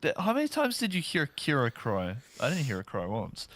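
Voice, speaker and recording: A man's voice: fairly high pitch, huge pitch swings, fairly quick, fairly bright tone, dry recording. A man co-hosting a casual online talk show, sarcastic and teasing as he argues points. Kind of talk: casual chat.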